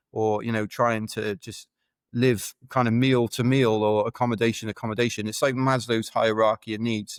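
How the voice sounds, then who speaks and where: British male podcast guest, low flat delivery, dry close sound, rambling self-deprecating anecdotes. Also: no room sound. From United Kingdom. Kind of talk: casual anecdotal storytelling.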